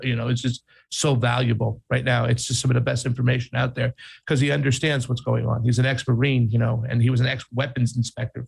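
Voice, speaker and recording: A man's voice: mid-range voice, creaky, husky. A man with a New York Italian accent co-hosting a casual political talk show, chatty and playful. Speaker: podcast co-host.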